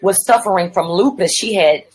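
A woman's voice: mid-range voice, normal speed, a little hiss or hum, poor audio. A woman evangelist sharing her personal testimony as a podcast guest, telling her story vividly and acting out what people said. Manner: addresses the host as "woman of God".

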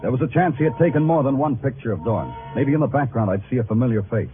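A man's voice: mid-range voice, lively intonation, fast. A man playing a hard-boiled, wry detective who narrates his own case in 1940s radio acting. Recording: tinny old radio broadcast with music.

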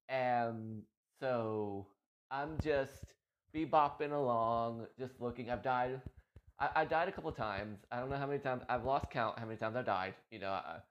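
With lo-fi audio and a bit of background noise, a gaming content creator with a medium-pitched voice chats about a game. His talk is casual and rambling, with frequent repetition and easy laughter.

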